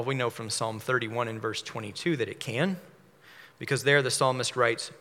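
A man preaching a measured sermon, explaining a psalm verse by verse. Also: mid-range voice, pushed and bright. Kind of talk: expository sermon. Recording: long hall reverb.

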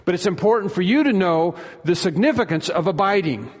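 A man preaching a sermon, emphatic, repeating key phrases and slowing down to stress them. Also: high-pitched, expressive. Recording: long hall reverb.

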